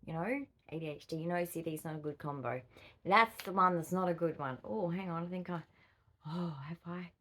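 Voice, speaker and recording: A middle-aged Australian vlogger, accent and all, talks a little fast in a low-ish, somewhat bright voice. She rambles casually to camera, gets distracted easily, and fills gaps with laughs and fillers.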